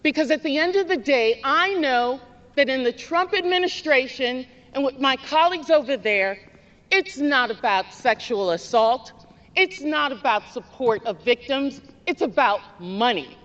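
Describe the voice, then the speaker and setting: A woman politician delivers a firm, measured formal statement with a fairly high voice. The sound is a dull archive clip with a long reverb from the legislative chamber. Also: expressive, fairly bright tone.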